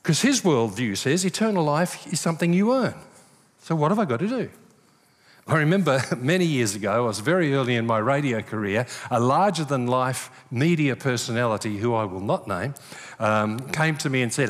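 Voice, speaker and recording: A man's voice: medium pitch, moderate pace. An older man preaching a sermon, telling stories and acting out the voices he quotes. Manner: animated storyteller, acts out quoted voices. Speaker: pastor. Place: church hall. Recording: long reverb of a large hall.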